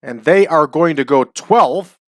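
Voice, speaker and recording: A man's voice: on the high side, no room sound. Guy chatting through his wrestling booking game, hypes stuff up, dry close sound. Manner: chatty, drawn-out hype calls. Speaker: wrestling sim game host. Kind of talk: casual game commentary.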